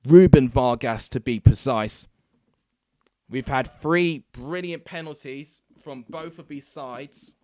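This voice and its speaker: A man hosting a football watchalong, giving excitable live commentary into a desk microphone and breaking into shouts at big moments. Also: medium pitch, slow, no echo, clean studio sound. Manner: excitable, erupting into shouts at goals.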